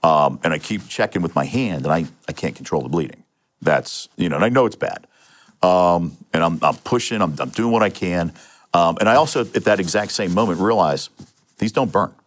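A retired police sergeant, middle-aged and from Pennsylvania, speaks in a notably low voice as a guest on a podcast interview. He tells his personal story matter-of-factly, frequently restarting phrases and filling pauses with "um" and "uh."

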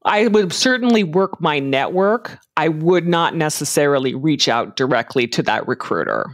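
A woman answering interview questions about job hunting in a measured, advising way, with frequent ums and uhs. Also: low voice, animated, dry recording, clean studio sound. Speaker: career and hiring advice guest.

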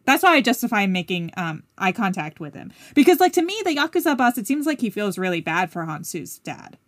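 Chatty woman with a bouncy, lively pitch. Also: a little fast, no echo. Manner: chatty, laughing, self-correcting. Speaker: podcast co-host. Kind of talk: casual recap chat.

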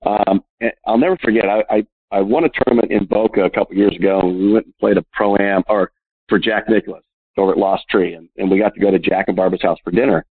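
A husky, slightly low-pitched man in his fifties tells chatty stories as an interview guest, laughing often and leaning on filler "uh"s. His voice comes through a tinny phone line that sounds dry and close. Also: steady tone, fast talker, no room sound. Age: 50s. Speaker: guest, professional golfer. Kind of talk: interview storytelling.

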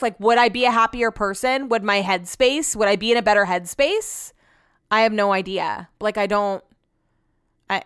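A woman's voice: mid-range voice, fairly bright tone, clear, resonant tone, no room sound, clean studio sound. A woman hosting a podcast in casual chat, rambling and venting with lots of "like" and the odd swear word. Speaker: podcast host.

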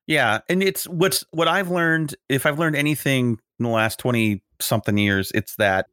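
A man's voice: medium pitch, normal speed, smooth, no echo, clean studio sound. A middle-aged man hosting a podcast, chatting casually and acting out the voices of people in his anecdotes. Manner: animated, acts out quoted voices in anecdotes. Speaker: podcast host. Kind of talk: casual conversational storytelling.

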